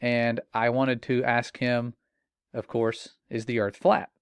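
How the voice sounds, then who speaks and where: A man's voice: mid-range voice, level tone, slow pace, clear, resonant tone, no room sound. A middle-aged father telling a personal story in an earnest, warning tone, with casual fillers. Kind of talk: earnest personal testimony monologue.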